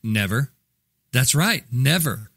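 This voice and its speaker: A man's voice: mid-range voice, animated, slow, vocal fry, fairly bright tone, no echo. A man hosting a podcast, talking about marketing in a blunt, ranting way that mocks bad habits. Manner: blunt, ranting, mocks callers in put-on voices. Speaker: podcast host. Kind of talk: opinionated marketing talk.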